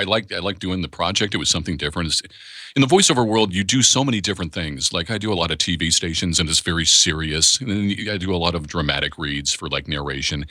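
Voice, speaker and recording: Deep, bright-voiced man chatting candidly. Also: no echo, clean studio sound. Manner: candid, rambling with restarts. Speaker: voice actor guest. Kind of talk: casual interview talk.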